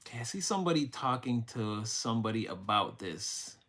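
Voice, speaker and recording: A young man reads tarot live to his viewers in a loose, rambling way, cursing casually and getting openly emotional as he goes. His voice sits at an everyday middle pitch. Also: lively intonation, brisk, fairly bright tone. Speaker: tarot reader. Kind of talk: live-streamed tarot reading.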